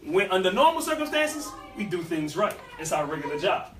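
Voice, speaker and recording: A man giving an animated, folksy motivational talk with a preaching flavor to a small audience. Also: high-pitched, a little fast. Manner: animated, folksy, with vernacular asides and repeats. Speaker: speaker at a youth life-skills session. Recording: echoey room, mic at a distance.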